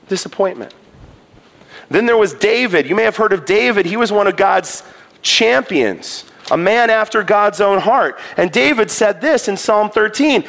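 A man preaching a sermon, reading scripture dramatically, moving between loud pleas and hushed low passages. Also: very animated, measured pace. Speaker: pastor.

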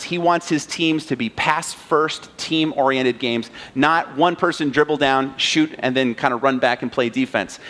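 A man with a somewhat high voice preaches from the pulpit. He turns a film scene into a lively story, acting out each moment. Now and then he throws a question out to the congregation. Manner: animated retelling, acting out scenes; rhetorical questions to the audience. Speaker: pastor. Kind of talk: sermon with storytelling.

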